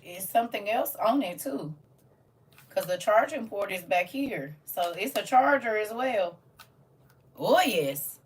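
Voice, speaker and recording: A woman's voice: lowish voice, distant mic, slight background noise. A woman, casually chatting on a livestream from home in a laid-back, playful way. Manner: laid-back, playful, drawn-out teasing calls. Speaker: livestream host. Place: home, indoors.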